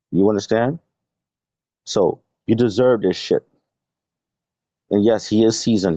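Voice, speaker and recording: A man delivers a heated, profane live-stream rant with a confrontational edge. His voice sits low and mellow but jumps around a lot in pitch. The sound is dry and dull, like lo-fi stream audio. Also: breathy edge, no echo.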